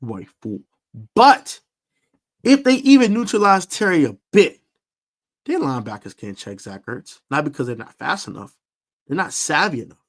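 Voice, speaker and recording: A man hosting a live stream football preview, talking emphatically, repeating himself for stress and using fillers. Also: mid-range voice. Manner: emphatic, animated sports talk with fillers and repeats. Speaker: sports podcast host.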